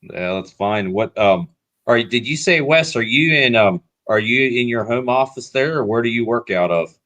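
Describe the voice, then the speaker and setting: A man who is a guest on a live online show. His voice is bright and sharp. He sounds friendly and easygoing. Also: medium pitch, expressive, moderate pace. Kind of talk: casual chat.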